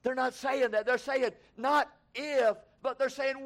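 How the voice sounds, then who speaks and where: A preacher delivers a sermon in a strikingly high voice for a man. He moves from low, hurried passages to shouted, fervent proclamation.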